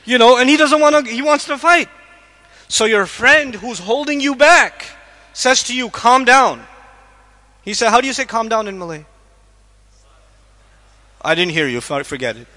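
A man giving a lively religious lecture on the Quran to a live audience, quizzing the listeners and acting out little scenes as he goes. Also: extremely high pitch, moderate pace, long pauses.

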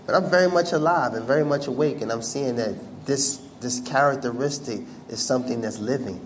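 A medium-pitched male storyteller entertains an audience with an animated, humorous tale, speaking conversationally with lots of fillers and imitating the people he quotes. A little hiss or hum runs through the recording.

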